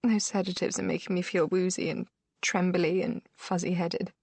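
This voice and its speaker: A woman's voice: on the low side, little pitch movement, moderate pace, vocal fry, a little mellow, slightly rough, dry recording. A woman voicing a fragile, grieving young woman who sounds shaky, woozy and strained. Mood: distressed.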